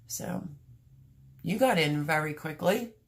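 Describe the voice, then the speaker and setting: A woman hosting her homestead livestream, chatting casually with viewers, apologetic, emotional and flustered, her voice rough and a little choked up. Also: low-pitched, animated, slow pace. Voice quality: rough, gravelly voice. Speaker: homestead channel host.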